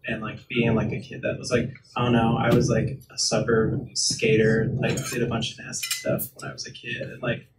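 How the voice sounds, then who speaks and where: A man's voice: fairly low pitch, moderate pace, few pauses. A man being interviewed onstage as a guest artist, talking casually. He rambles in a laid-back way and fills his speech with filler words. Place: live event venue. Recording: roomy, distant mic, ambient noise.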